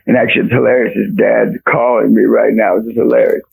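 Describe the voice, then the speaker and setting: A man guest on a radio show, giving a fervent faith testimony with raspy storytelling and bursts of shouting. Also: fairly low pitch, flat delivery, fast talker, a crowd in the background, poor audio.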